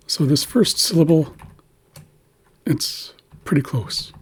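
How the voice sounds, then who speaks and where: A man patiently teaching how to pronounce words in an Indigenous language, slowly sounding out each syllable. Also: medium pitch, a little mellow, husky. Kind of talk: explaining pronunciation of an Indigenous language.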